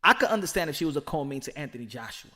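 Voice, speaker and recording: A man giving casual, animated boxing commentary in slangy speech, repeating words as he gets worked up. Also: fairly high pitch, very fast.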